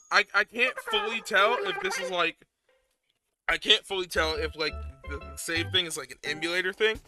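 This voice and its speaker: A young man streaming a retro game, chatting casually with his viewers, excitable and prone to repeating himself when nervous. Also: high-pitched, measured pace, pauses often, over music. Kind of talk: casual live-stream chat.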